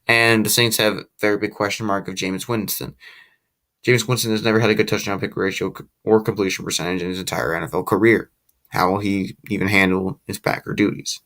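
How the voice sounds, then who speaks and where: A man's voice: lowish voice, steady tone, fast, a bit bright. Sleepy, rambling young man. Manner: casual, rambling, with restarts and opinionated asides. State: sleepy, yawning. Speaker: livestream host. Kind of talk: live sports chat with viewers.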